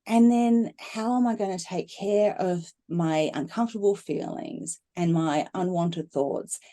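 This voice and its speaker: A middle-aged woman speaking as a guest in a conversational talk, animated and laughing as she acts out inner voices. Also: on the low side, a little slow. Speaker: guest speaker on emotional healing.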